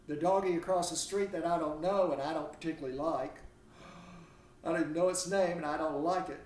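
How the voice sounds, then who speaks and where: This is a man lecturing on literature online from his home, digressive and conversational, leaning hard on key terms. His voice is a little high, recorded from a distance in a roomy space with a bit of hiss or hum.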